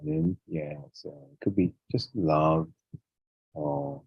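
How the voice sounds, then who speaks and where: A man with a very deep, slightly husky voice speaks in an easygoing interview. He rambles, restarts sentences and leans on fillers as he explains things. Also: slow pace, highs cut off. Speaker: guest English speaker. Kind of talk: casual conversational interview.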